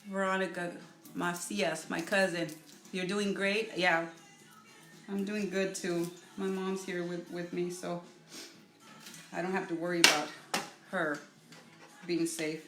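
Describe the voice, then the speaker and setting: A middle-aged woman chats her way through a home cooking demo, her voice a touch low and her talk loose and halting. She sounds like she is in an echoey kitchen, with faint music playing underneath. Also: flat delivery, pushed and bright. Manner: casual, halting, greets viewers by name while cooking. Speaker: cooking show host. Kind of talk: live-stream cooking demo, chatty.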